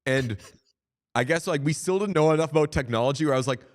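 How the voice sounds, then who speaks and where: A man co-hosting a sports podcast in casual chat, telling stories with lively acted-out quotes. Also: on the high side, fast talker. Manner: animated storyteller, acts out quotes. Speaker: podcast co-host.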